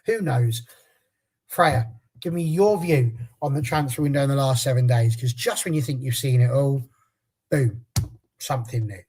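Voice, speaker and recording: This podcast host, chatty and joking on a casual panel, stumbles through foreign names while reading a transfer rundown. He speaks at a medium pitch and moderate pace, sounding a little mellow and slightly rough.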